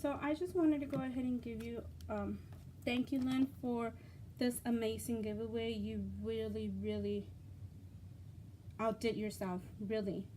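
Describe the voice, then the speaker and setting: A woman hosting a casual craft unboxing vlog, gushing and excitable, with lots of fillers and repeated words. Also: a little high, measured pace, a little hiss or hum. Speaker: craft channel host.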